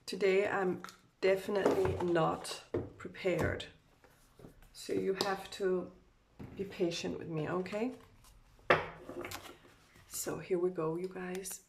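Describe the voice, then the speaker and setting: A woman who has just woken up does a loose, unprepared oracle card reading. Her voice sits fairly low with a gravelly fry, and she talks slowly, stumbling and correcting herself as she goes. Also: steady tone, very noisy. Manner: hesitant, loose, full of fillers and self-corrections.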